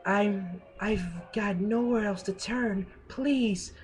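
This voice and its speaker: A man voicing a tearful woman client who pleads for help, in a high put-on falsetto, as part of a comic dramatic reading. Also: takes it slowly, faint music behind. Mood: pleading.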